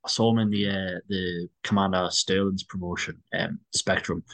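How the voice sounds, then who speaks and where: Low-voiced man, rambling. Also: little pitch movement, moderate pace, fairly bright tone, low-quality recording. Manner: rambling, stumbling restarts, laughs often. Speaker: podcast co-host. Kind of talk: casual chat.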